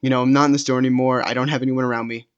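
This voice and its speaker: A young man tells a story in a casual, rambling way, full of fillers and restarts. His voice sits at an average pitch. The recording sounds dull and lo-fi. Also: little pitch movement, rapid-fire, clean tone. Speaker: storytime vlogger.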